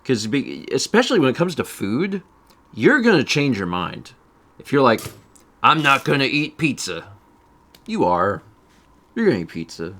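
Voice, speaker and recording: A man's voice: medium pitch, huge pitch swings, normal speed. A man chatting casually on a game stream, rambling and amused, with frequent fillers and asides.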